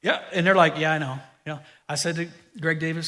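A male pastor with a high, bright voice preaches a sermon briskly in a church sanctuary, tossing animated, joking asides to the congregation. The big hall leaves a long reverb on the recording.

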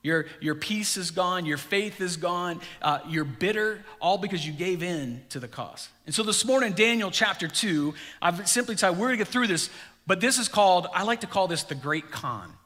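Bright-voiced preacher in a reverberant hall. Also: male voice, high-pitched, lively intonation, moderate pace. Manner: conversational preaching with frequent rhetorical questions. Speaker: pastor; district youth director. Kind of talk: sermon.

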